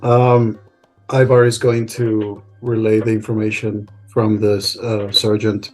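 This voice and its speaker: A man playing a tabletop role-playing game, calmly relaying information for his character. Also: on the low side, slow, faint music behind. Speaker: player. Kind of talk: casual tabletop game chat.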